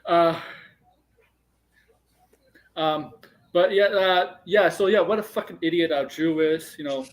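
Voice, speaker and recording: A man hosting a casual wrestling podcast, excitable and rambling, swearing freely. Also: a little high, takes it slowly, a little hiss or hum. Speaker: podcast host.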